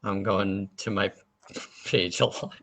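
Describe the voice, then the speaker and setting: A man plays a tabletop game in a deep, gravelly voice. He speaks very slowly and in a laid-back way, reading out his rolls. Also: steady tone, a bit bright. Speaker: player. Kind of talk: casual tabletop play.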